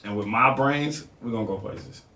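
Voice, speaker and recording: A man's voice: medium pitch, normal speed, pushed and bright. A male comedian co-hosting a radio show, joking and laughing often in casual chat. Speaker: comedian co-host. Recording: echoey room, distant mic, faint noise.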